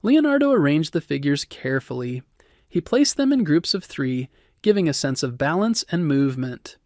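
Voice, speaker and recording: A man narrating a bedtime history story in a calm, soothing, scripted way. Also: fairly high pitch, normal speed, dry recording, studio quality.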